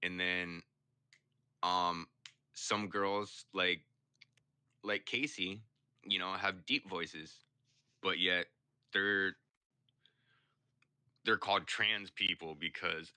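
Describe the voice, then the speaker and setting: A man's voice: deep voice, fairly even intonation, very slow, pauses often, sharp tone, clean tone, dry recording. A young man streaming, chatting casually and telling rambling, profane stories. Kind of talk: casual chat.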